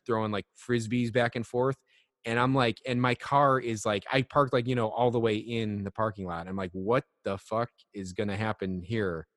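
A man's voice: fairly low pitch, no room sound, studio quality, long reverb tail. A man co-hosting a podcast, telling a long, loose, profane story in casual chat. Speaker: podcast co-host.

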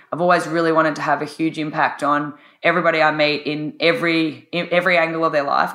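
A husky-voiced woman, a guest on a podcast, talking with enthusiasm and laughing often. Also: sits low, bright, forceful tone, echoey room. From Australia. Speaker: podcast guest, life coach. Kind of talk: casual interview chat.

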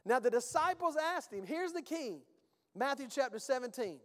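There's a long reverb tail behind this male pastor's sermon, spoken in an extremely high, expressive, fairly bright voice at a moderate pace. He preaches in a conversational, emphatic way, with rhetorical questions and folksy turns of phrase.

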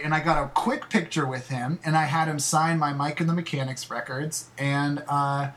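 A man guesting on a casual podcast, telling an animated anecdote with repeats and laughter. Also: fairly high pitch, normal speed, a little hiss or hum. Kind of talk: casual chat, storytelling.

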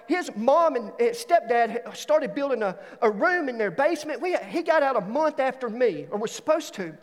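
Male preacher, very high-pitched, animated storyteller, church hall reverb. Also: a little fast. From Alabama. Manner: animated storytelling, swings into excited higher voice. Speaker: student pastor. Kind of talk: sermon. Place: church auditorium.

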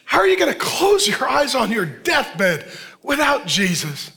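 A man's voice: extremely high pitch, wildly swooping pitch, measured pace, creaky, pushed and bright. A male pastor preaching a sermon with impassioned, urgent pleading.

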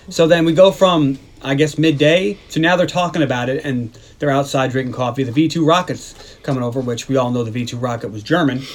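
A man co-hosting a movie podcast retells the plot casually and in a rambling way, swearing and acting out lines from the scenes. His voice is medium-pitched and a little fast.

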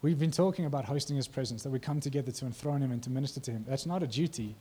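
A man's voice: mid-range voice, racing, dark tone, slightly rough. A male preacher giving a conversational sermon, often asking the congregation questions.

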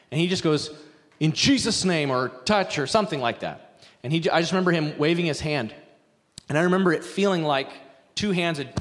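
A middle-aged pastor preaches to his congregation, telling a story in an animated, rambling way full of asides. His voice sits a bit high for a man. The sound rings out with a long reverb from the church sanctuary. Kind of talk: sermon.

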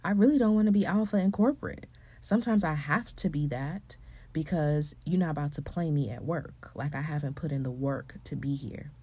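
A woman with a low, mellow, slightly husky voice gives other women a coach-style pep talk grounded in faith. She frequently drops into a breathy hush before building to loud, forceful exclamations.

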